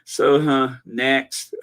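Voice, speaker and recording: A man hosting a live-stream commentary, reading viewer comments aloud in an animated, gossipy way. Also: mid-range voice, very slow. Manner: animated and gossipy, breaking into laughter. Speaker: channel host.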